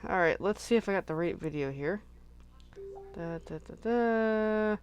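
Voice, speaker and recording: Woman, craft host, casual live chat, rambling, thinking aloud, mid pitch. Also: expressive, measured pace, smooth, lo-fi sound. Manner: chatty and rambling, thinks aloud while working.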